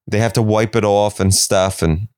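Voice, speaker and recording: A man hosting his own podcast, talking through a comedic solo monologue and jumping into high, silly voices whenever he quotes someone. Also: level tone, moderate pace, darkish tone, smooth, no room sound, studio quality. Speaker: podcast host.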